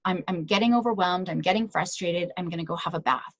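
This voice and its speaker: A woman's voice: on the low side, fast talker, no room sound, dull audio. A woman psychologist giving a conversational talk to parents, often checking in with "right?" and telling stories about her own kids. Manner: conversational, tag questions and personal anecdotes. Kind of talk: presentation to parents.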